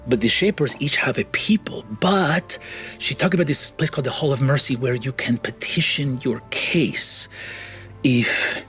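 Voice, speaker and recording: A man running a tabletop game as game master, recapping in halting bursts and growing animated over combat. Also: mid-range voice, soft background music. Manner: halting, full of restarts, animated when describing action.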